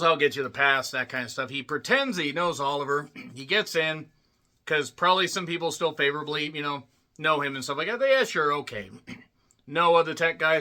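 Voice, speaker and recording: A man giving a rambling, casual movie recap, clearing his throat often and swearing bluntly. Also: fairly high pitch, pushed and bright. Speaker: movie reviewer.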